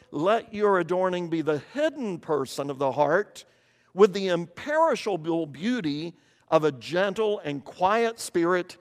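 Older man, sermon, earnest explaining, high voice, long reverb. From eastern Kentucky. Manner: earnest, explanatory, repeats words when restarting. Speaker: preacher.

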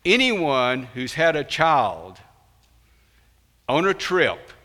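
A man preaching a sermon in a church, slow and emphatic, with sudden loud rises on key words. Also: fairly high pitch, big pitch swings. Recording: long reverb in a large hall.

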